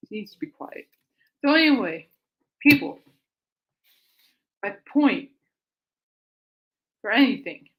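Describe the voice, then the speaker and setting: A woman hosting her own music chat show, rambling in a casual monologue and often laughing and getting sidetracked. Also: mid-range voice. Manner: chatty, self-deprecating, easily sidetracked.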